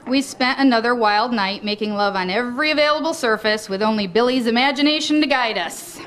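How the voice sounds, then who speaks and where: A woman's voice: a little high, fairly quick, few pauses, a bit bright, a little hiss or hum. A woman reading her own memoir aloud to a live audience in a bookstore, often breaking into laughter between lines. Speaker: guest reader at a book reading.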